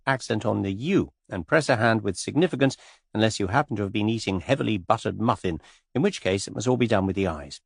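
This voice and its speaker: Husky-voiced male audiobook narrator. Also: lowish voice, fast, no room sound, studio quality.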